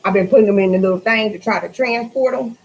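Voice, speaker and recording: A woman's voice: mid-range voice, quick pace, reverberant, low-quality recording. A woman talking casually and swearing freely while cleaning greens at her kitchen sink for a cooking vlog. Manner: animated, profane, swears freely. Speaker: cooking vlogger.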